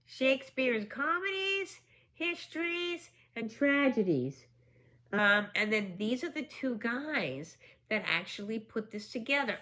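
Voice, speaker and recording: Gushing woman with a slow, bright voice. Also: medium pitch. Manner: gushing, excited exclamations, some whispered asides. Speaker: book vlogger. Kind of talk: casual unboxing chat.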